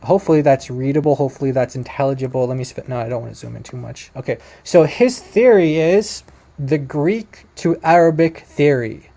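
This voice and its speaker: Mellow man doing reaction commentary. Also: medium pitch, a little fast, gravelly. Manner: emphatic when correcting claims. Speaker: reaction video host. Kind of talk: casual commentary on a video.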